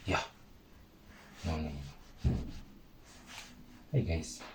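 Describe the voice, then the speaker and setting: Speaking extremely slowly in a deep voice, this man tutors maths over a noisy background. He keeps things chatty, addresses his viewers as "guys," and goes over the important points more than once.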